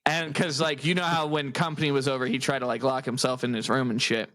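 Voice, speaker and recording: A man's voice: mid-range voice, flat delivery, fast talker, a bit bright. A man co-hosting a podcast, telling stories in casual chat, laughing often and swearing freely. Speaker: podcast co-host.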